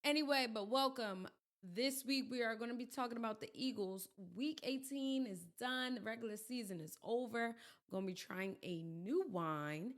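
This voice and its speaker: A woman hosting a podcast in casual chat, her voice crackly and hoarse as she gets over being sick, talking in chatty, self-deprecating asides. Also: a little high, normal speed. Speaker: podcast host.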